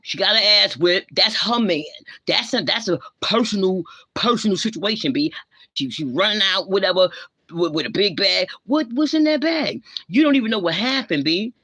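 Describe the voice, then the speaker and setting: A woman rants on her livestream, lecturing and scolding in blunt street slang. Her voice is sharp and forceful, and the sound is dry and close with no room echo. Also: mid-range voice, lively intonation, normal speed, slightly rough. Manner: blunt, confrontational, heavy slang. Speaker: livestream host. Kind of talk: ranting live commentary.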